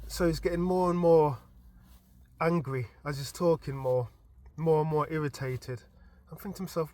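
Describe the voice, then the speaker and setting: Man, fairly high voice, casual storytelling, chatty, stammering restarts. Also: normal speed. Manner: animated retelling with frequent stammered restarts; informal and chatty. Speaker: vlogger recounting dreams.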